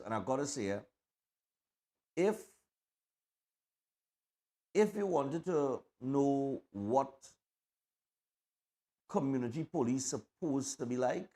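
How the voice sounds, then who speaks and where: A man with a Trinidadian accent hosting a morning show, chatting casually over parade footage, rambling with fillers and restarts. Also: medium pitch.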